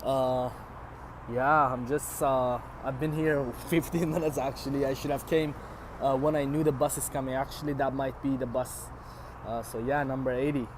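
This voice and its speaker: A young man casually vlogging on a city street from a handheld phone, halting with lots of "uh" and self-deprecating remarks. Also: medium pitch, level tone. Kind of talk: casual walk-and-talk vlog. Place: outdoors in a city, at a bus stop. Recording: phone mic with loud street noise.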